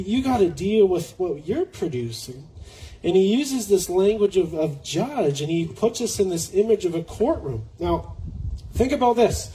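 Guy preaching a sermon, higher voice but soft and warm, earnest, lil hiss in the background. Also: poor audio. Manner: earnest, slows for scripture, frequent restarts.

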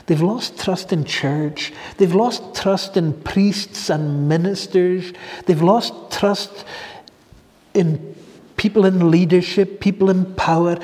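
An earnest male preacher with a fairly high, mellow voice. He speaks slowly, dwelling on key phrases as he tells his story. The sound carries a long reverb through a church hall. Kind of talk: sermon.

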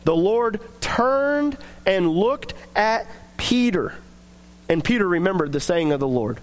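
A man's voice: high voice, very animated, measured pace. A man preaching a sermon, reading scripture aloud and then explaining it in plain, earnest words.

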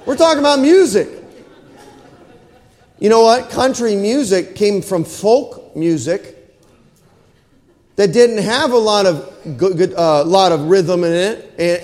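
A man with a high voice delivers a sermon in a church. His talk is folksy, and he keeps asking his listeners whether they follow. The sound trails off in a long church reverb. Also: a little slow, darkish tone. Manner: folksy, asks the congregation questions. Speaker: pastor. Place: church hall.

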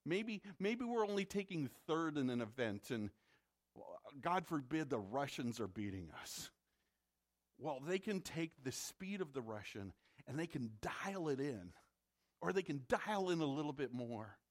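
A man's voice: fairly high pitch, very animated, unhurried. A man from the Midwest preaching a sermon as a pastor, in a conversational way that repeats words when he presses a point.

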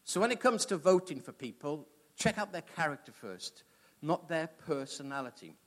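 Animated, lively-voiced male preacher. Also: a little high, normal speed. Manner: animated, conversational storyteller. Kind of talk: sermon with personal storytelling.

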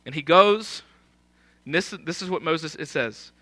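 A man's voice: fairly high pitch, animated, measured pace, sharp tone. A man preaching a sermon in an emphatic, conversational way, often posing rhetorical questions.

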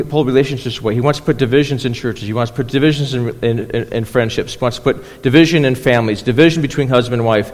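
A man preaching a conversational sermon as pastor, often checking in with listeners and restarting phrases. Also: medium pitch. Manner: restarts and repeats words. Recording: long hall reverb.

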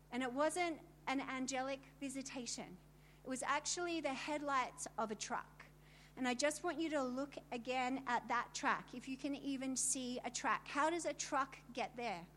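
A middle-aged woman with a high voice shares her testimony with a gathering of women. She tells it in vivid detail and turns to the listeners with emphatic asides. A faint hiss sits under her voice. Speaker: speaker telling her story to a women's gathering. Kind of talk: personal testimony talk.

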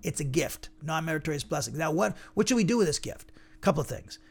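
A man's voice: on the high side, lively intonation, fast talker, gravelly, husky. A man teaching a verse-by-verse Bible lesson in a methodical, repetitive way, working through Greek words and stumbling over some of them.

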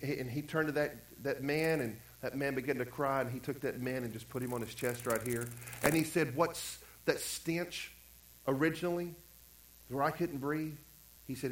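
A man's voice: medium pitch, slight background noise. Man preaching in an echoey church. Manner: conversational preaching, acts out quotes, repeats phrases. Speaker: pastor. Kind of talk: sermon.

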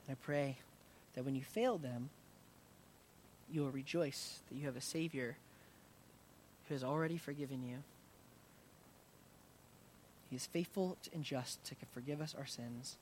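A man preaching a sermon as pastor, earnest, rising in intensity and then dropping soft to pray. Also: medium pitch, a little slow, pauses often, slight background noise.

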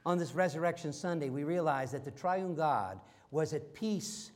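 A middle-aged man preaching a sermon as pastor, swinging from loud emphatic lines to soft, slow, hushed ones. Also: fairly high pitch, animated.

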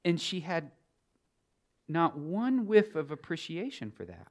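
A middle-aged man preaching a sermon as a pastor, moving from quiet storytelling to loud, emphatic preaching. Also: a little high, huge pitch swings, a little slow.

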